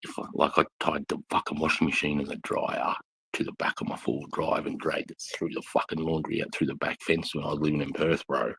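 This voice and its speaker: A man's voice: a bass voice, little pitch movement, fairly quick, creaky, fairly bright tone, breathy edge, rough recording. A man, a former army instructor, telling rowdy stories in casual live chat, blunt and full of swearing. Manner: blunt, swears constantly, rambling war stories.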